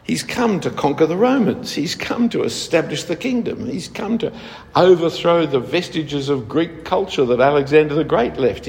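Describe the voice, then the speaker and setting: A man's voice: on the high side, vocal fry, a little mellow. A man preaching a sermon in a conversational way, often asking rhetorical tag questions. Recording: long hall reverb.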